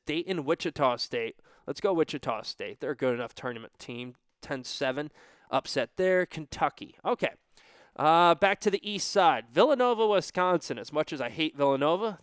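A young man with a fairly high, smooth, clear voice thinks aloud in a loose, offhand way, hmming between picks. The sound is close and dry, with no room around it. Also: no echo. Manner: offhand, talking to himself while filling out a bracket. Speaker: bracket picker. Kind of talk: casual solo commentary.

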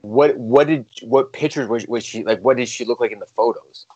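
A man in a casual chat, joking around and cutting in with quick questions. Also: mid-range voice, a little mellow, breathy edge, dry recording, highs cut off.

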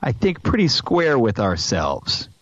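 A man's voice: medium pitch, huge pitch swings, measured pace, lo-fi sound. A middle-aged man co-hosting a casual podcast, playful and wry, spinning extended jokey metaphors. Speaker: podcast co-host. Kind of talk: casual chat.

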